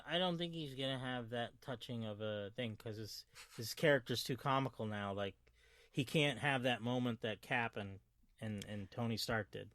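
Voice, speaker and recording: A man joining a movie review podcast as guest host, teasing his co-hosts and talking in halting starts. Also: mid-range voice, a bit bright, no echo, clean studio sound. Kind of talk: casual movie review chat.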